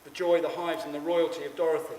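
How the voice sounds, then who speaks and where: Male stage performer, stammering absurd monologue; higher voice, distant mic, reverberant venue. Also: steady tone, quick pace, darkish tone, slight background noise. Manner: rambling, stammering, addresses the audience. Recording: echoey hall, mic far off.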